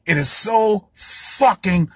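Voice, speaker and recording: A man's voice: sits high, slow pace, a bit bright, slightly rough, no echo. A man giving a heated solo monologue to his audience, ranting in a fiery, profane, preachy way. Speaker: host lecturing his audience.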